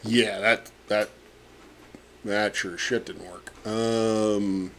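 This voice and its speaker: A man and astronomy professor narrating his data work on a live stream, muttering and halting with many fillers, his words muffled by a pen in his mouth. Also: fairly low pitch, steady tone, slight background noise. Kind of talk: casual live-stream narration while working.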